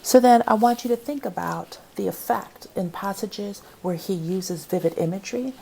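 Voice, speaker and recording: A woman's voice: mid-range voice, moderate pace, gravelly, mellow, slight background noise. A woman, a college composition instructor, giving a recorded online lecture and quizzing her students with question after question. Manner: explanatory, asks the class many questions. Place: home, recorded for online class.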